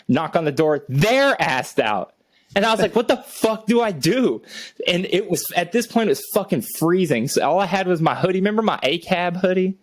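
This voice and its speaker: Brief: young man, fairly high voice, swears and laughs through his stories. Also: dry recording. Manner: profane, laughing storyteller, animated quoting. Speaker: podcast co-host. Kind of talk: casual storytelling chat.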